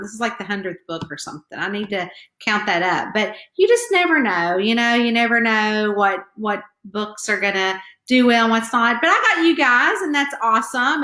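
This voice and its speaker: Woman, Southern hillbilly twang, chatty live-stream host, fairly high voice, roomy echo. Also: sharp tone. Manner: chatty, greets viewers by name, nervous. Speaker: author hosting a live stream. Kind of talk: casual live-stream chat with viewers. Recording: echoey room.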